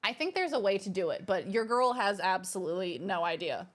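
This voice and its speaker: A woman hosting a livestream from her home streaming room, chatting casually and reading out viewer messages in a bubbly, gushing way that is quick to exclaim. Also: medium pitch, animated. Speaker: livestream host.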